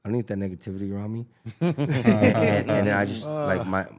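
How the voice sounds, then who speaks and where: Over a noisy crowd, a Los Angeles man with a lowish voice speaks a little fast as he shares his story on a podcast. He owns a taco business, and his casual storytelling is emphatic and slangy, with many fillers and repeats.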